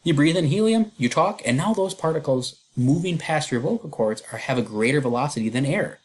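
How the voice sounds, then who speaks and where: A man walks through chemistry problems in a recorded lecture, keeping things casual and chatty with fillers and jokes at his own expense. His voice is a little high, animated and fairly quick.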